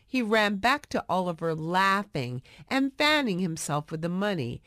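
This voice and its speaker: A woman reading a storybook aloud in a slow, expressive way for English learners. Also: lowish voice, dry recording, clean studio sound.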